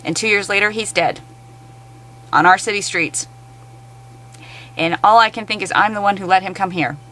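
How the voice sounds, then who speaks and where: A woman's voice: medium pitch, moderate pace, bright, forceful tone, low-quality recording. A woman in an angry, blunt, profane rant to camera. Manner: blunt, heavily profane, exasperated.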